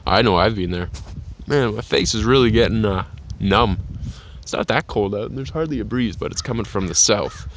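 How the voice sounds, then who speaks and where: A man's voice: lowish voice, lively intonation, normal speed, no room sound. Rambling young man talking from a tree. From Canada. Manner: rambling, playful, slips into put-on voices. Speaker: vlogger. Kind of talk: casual outdoor monologue. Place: outdoors sitting in a tree on a farm.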